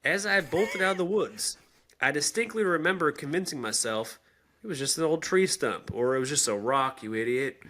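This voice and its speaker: A man reading aloud a grown woman's spooky childhood story, dramatic and swinging in pitch and pace. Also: normal speed, bright, forceful tone.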